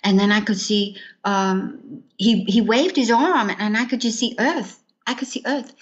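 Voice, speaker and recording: Slow, earnest woman telling her story. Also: mid-range voice, lo-fi sound. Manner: earnest, quotes others' words in dialogue. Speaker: interview guest. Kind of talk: personal testimony storytelling.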